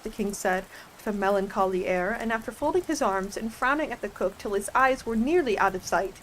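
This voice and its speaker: A woman with a slightly high voice reads a storybook aloud in a soft, unhurried ASMR manner. Faint rain patters in the background. Her narration is calm and steady. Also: slight background noise, rough recording. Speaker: ASMR streamer reading a storybook.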